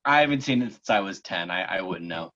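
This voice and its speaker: A man's voice: deep voice, animated, quick pace, bright, forceful tone. A young man co-hosting a podcast, offering opinionated hot takes in casual chat. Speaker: podcast co-host. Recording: dull lo-fi sound.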